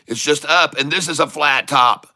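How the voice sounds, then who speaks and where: Excited middle-aged man calling stock trades. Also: fairly high pitch, moderate pace, no echo, studio quality. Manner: excited, keeps calling out to "folks". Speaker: day-trading streamer host. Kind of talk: live trading commentary.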